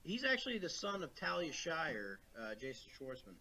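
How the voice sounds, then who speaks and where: Bright-voiced rambling man on a podcast. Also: on the high side, wildly swooping pitch, moderate pace, slightly rough. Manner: rambling, lots of fillers and restarts. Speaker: podcast co-host. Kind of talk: casual chat about movies. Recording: remote call, poor audio.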